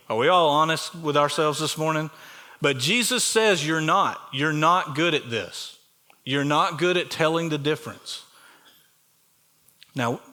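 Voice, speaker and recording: A man's voice: a little high, bright, forceful tone. A man with a Southern US accent preaching a sermon as pastor of a church, in a conversational way, asking the congregation questions as he goes. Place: church sanctuary.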